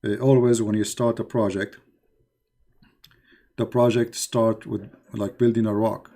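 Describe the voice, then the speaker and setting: Gravelly dark-voiced man host. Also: on the low side, level tone, unhurried. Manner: plain speech with many fillers and repetitions. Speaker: host of a call-in show. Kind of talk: casual closing talk to listeners on faith.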